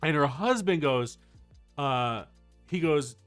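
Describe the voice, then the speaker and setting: A man streaming casual chat, telling a story in an animated way with frequent restarts. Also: a little high, slow, faint music behind.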